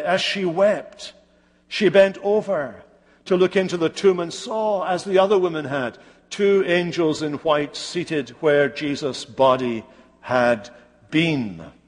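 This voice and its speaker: A man preaching a sermon, retelling a scripture story slowly and dramatically with pauses. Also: on the high side, long reverb tail.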